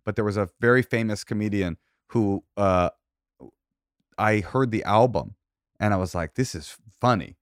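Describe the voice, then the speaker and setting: A comedian guest on a podcast, chatting casually and laughing easily. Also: male voice, fairly low pitch, clean tone, no echo, clean studio sound. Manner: lively, quick to laugh, chatty. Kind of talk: casual chat.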